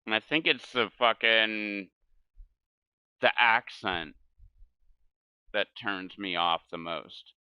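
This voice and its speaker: A man's voice: on the low side, slow, pauses often, bright, forceful tone, smooth, no room sound, muffled recording. A man ranting casually and profanely while gaming, exasperated and swearing constantly. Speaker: gaming streamer.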